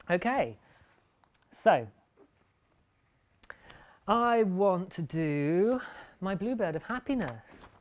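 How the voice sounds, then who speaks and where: Chatty man hosting a podcast. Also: medium pitch. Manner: chatty, rambling, laughs at himself. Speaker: podcast host. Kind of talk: casual live-show chat about knitting.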